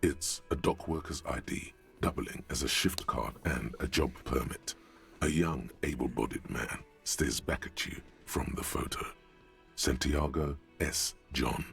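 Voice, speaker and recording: Brief: a game's inner-voice narrator, very low and gravelly, slow and ominous. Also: male voice, fairly bright tone, faint music behind, heavily acted. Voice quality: gravelly, very deep. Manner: slow, measured, second-person narration. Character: deep gravelly male game narrator, inner voice. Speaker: game narrator.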